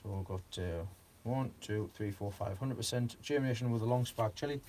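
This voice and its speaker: A man's voice: fairly low pitch, brisk, darkish tone, a little hiss or hum. Rambling, giggly man. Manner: rambling, giggly, many fillers. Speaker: gardening live-streamer. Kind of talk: casual live stream chat.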